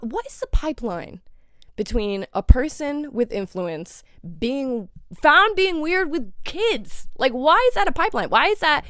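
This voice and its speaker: A woman's voice: on the high side, a bit bright, dry recording, clean studio sound. A young woman hosting a podcast, ranting in casual commentary with heavy swearing and rhetorical questions. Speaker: podcast host.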